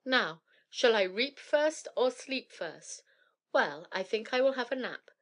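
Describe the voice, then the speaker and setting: A woman's voice: a little high, lively intonation, slow pace. A woman reading aloud voices a foolish, weepy young woman who frets and asks plaintive questions in a storybook. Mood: musing.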